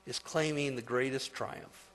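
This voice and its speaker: A man preaching a sermon, building to loud, emphatic peaks and then dropping to soft, slow phrases. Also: medium pitch, fairly even intonation, slight background noise. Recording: long hall reverb.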